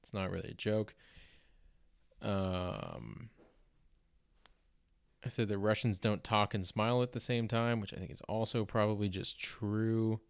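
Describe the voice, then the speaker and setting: A young Canadian man with a Canadian accent talks on his comedy podcast in a low voice. He rambles loosely, full of fillers and self-deprecating asides. The recording is dry and close, with no room sound. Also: a little slow, gravelly, long pauses, smooth, no echo. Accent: Canadian English. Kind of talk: casual rambling comedy monologue.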